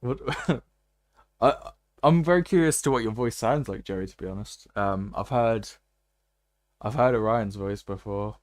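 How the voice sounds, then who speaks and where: A man chatting over a game stream in a low voice, joking with his audience and laughing often. The sound is dry and close to the mic. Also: a little slow, dry recording. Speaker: gaming streamer. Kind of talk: live gameplay commentary.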